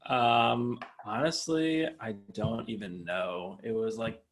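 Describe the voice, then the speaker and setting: A man who works as a designer, telling a work story over a video call in an animated way, swearing freely. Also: lowish voice, slow pace. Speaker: designer guest. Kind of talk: casual storytelling.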